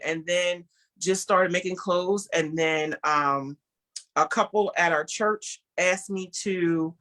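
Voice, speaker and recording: Woman telling her story with animated quotes. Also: fairly low pitch. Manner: speaks of herself as an introvert. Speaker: guest, clothing designer. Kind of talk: storytelling interview talk.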